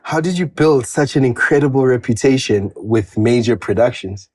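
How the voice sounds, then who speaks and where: A man interviewing a guest, enthusiastic and quick to affirm her answers. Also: mid-range voice, a little mellow. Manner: enthusiastic, frequent short affirmations. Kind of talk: interview questions and ad read.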